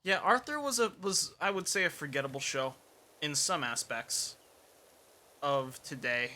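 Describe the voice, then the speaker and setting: Bright-voiced young man streaming a game. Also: on the high side, lively intonation, a little slow, slight background noise. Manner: rambling and self-mocking, mutters while playing. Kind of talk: casual gameplay chat.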